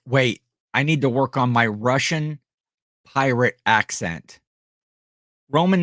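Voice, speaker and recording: A man's voice: mid-range voice, a bit bright, dry recording, studio quality. A man hosting a casual live stream, rambling as he reads the chat aloud, with frequent fillers and restarts. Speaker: livestream host selling items.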